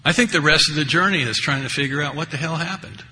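Here an older man talks fast at a recovery meeting, his slightly high voice bright and forceful. His share is wry and meandering, full of chatty asides. The recording has the echo of a hall and some faint background noise.

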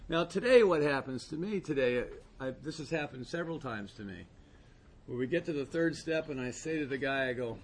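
A man's voice: medium pitch, brisk, slight background noise. A man speaking candidly and conversationally at a recovery meeting, rambling with frequent asides. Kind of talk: personal testimony talk.

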